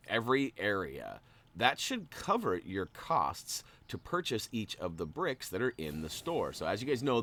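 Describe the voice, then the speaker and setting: Male gameplay host, low voice, chatty and playful, big swings in tone. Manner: chatty and playful, jumps up in excitement. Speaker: gaming channel host. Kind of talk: casual gameplay commentary.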